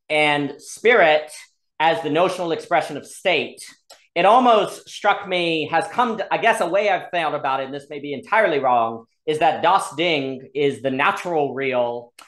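A discussion host on a video call who thinks aloud, hedges often and builds ideas in quick repetitive loops. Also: mid-range voice, a bit bright. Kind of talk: casual philosophical discussion online. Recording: roomy video call audio.

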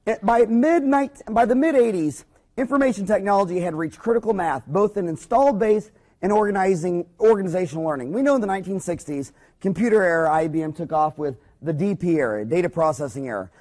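A man's voice: sits high, lively intonation, a little fast, a little mellow. A man in his forties, a dentist, giving a blunt, profane business talk full of stories and emphatic punchlines. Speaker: dentist and speaker.

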